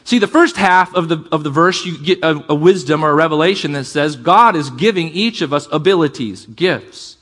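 A man preaching a sermon to a congregation, calling for amens and shifting between fast bursts and slow, quiet emphasis. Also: fairly high pitch. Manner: energetic preaching, calls for amens, varies pace and volume. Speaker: pastor.

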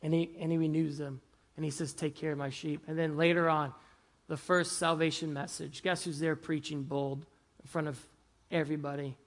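A man's voice: on the high side, level tone, normal speed. Man preaching a conversational sermon. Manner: conversational, asks the congregation "right?" and "amen?"; swings between loud emphasis and soft, hushed lines. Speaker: pastor.

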